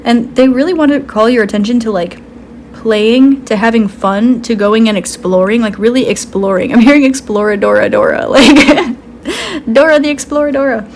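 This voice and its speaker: A woman with a somewhat high voice talks through an intuitive card reading. She rambles loosely, filling her speech with "um" and "like" and laughing easily as she goes. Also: normal speed, a little mellow, a little hiss or hum. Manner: rambling, full of "um" and "like", giggly. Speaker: tarot card reader.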